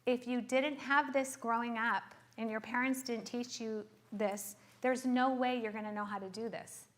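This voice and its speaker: Middle-aged woman therapist, slightly high voice, earnest explainer who keeps checking in with her audience. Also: steady tone, normal speed. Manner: earnest, checks in with frequent rhetorical questions.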